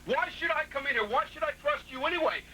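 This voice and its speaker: A man's voice: very high voice, lively intonation, fast, pushed and bright, slight background noise, rough recording. A man as a professional wrestler in a staged TV promo, talking in an angry, confrontational, heated way.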